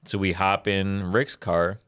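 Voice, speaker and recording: Deep-voiced laid-back man. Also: little pitch movement, slow, fairly bright tone, smooth. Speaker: podcast co-host. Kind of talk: casual chat.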